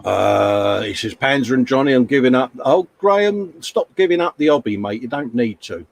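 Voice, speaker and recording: Stream host, middle-aged, matey and chatty, scolding gently. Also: male voice, medium pitch, animated, normal speed, gravelly, no echo. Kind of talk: casual chat reading viewer comments.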